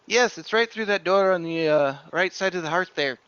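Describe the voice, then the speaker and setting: A man voicing a cheeky, sharp-tongued male gnome bartender in a tabletop game. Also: high-pitched, normal speed, clear, resonant tone, dull audio.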